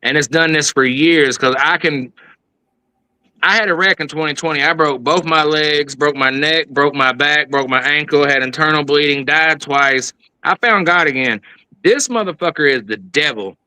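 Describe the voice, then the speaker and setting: A man's voice: a little high, moderate pace, sharp tone, dry recording, low-quality recording. A man in his thirties talking heatedly and profanely in casual chat, rambling as he gets worked up. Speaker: guest.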